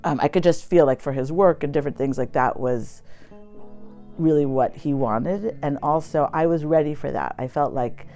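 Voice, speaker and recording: A woman's voice: sits low, moderate pace, mellow, faint music behind. Chatty American woman recalling her story. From United States. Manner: chatty and reflective, many fillers. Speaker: poet and academic. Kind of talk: personal storytelling interview.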